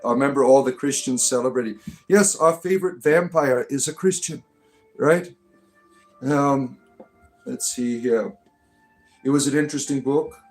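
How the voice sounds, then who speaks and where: A man from the United States hosts a casual live stream, reading viewer comments aloud and riffing on them. His talk rambles and jokes along, with frequent restarts. Faint music plays underneath. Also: mid-range voice. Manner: rambling, joking, many restarts. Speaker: livestream host reading chat comments.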